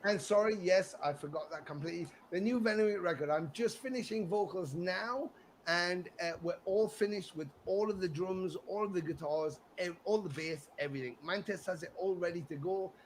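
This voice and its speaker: A middle-aged English man, a rock musician, chatting in an interview as an animated storyteller who acts out quotes and swears freely. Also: high voice, moderate pace, a little hiss or hum, poor audio. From England. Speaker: musician guest. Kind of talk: casual interview chat.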